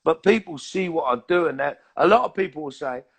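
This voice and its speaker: London actor, middle-aged man, gravelly voice, swears freely, animated storyteller in an interview. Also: on the high side, a little fast. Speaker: actor and guest.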